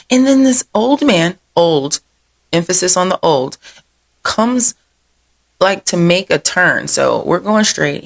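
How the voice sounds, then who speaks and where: A woman's voice: low voice, creaky. A woman hosting a local events show, chatting casually through upcoming happenings with rambling side stories, frequent laughs and plenty of "y'all". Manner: rambling, digressive storytelling; says "y'all" often.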